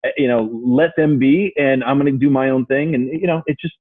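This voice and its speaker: Male interview host, rapid easygoing delivery, husky, tinny phone-quality audio. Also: mid-range voice, steady tone. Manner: easygoing, agreeable. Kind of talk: casual interview chat. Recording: thin phone-like remote call line.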